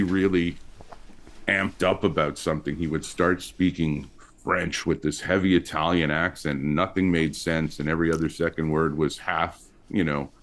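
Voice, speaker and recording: A man with a notably low voice talks easily as a guest, spinning anecdotes. His pitch jumps up when he gets excited, and he keeps circling back with fillers. He grew up in Montreal. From Montreal, Canada. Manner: chatty storyteller with lively pitch swings. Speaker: comedian guest. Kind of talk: casual interview chat.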